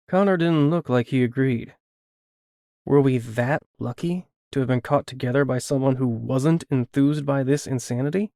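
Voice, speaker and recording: A male audiobook narrator reading first-person fiction in a measured, steady way. His voice sits mid-range and the recording is close and dry, with no room around it. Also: mid-range voice, no echo.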